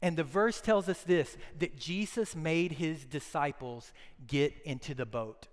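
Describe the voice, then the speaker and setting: A man preaching a sermon as a pastor, telling the story in an animated way that swings from loud to hushed. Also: on the high side, unhurried. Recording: long hall reverb.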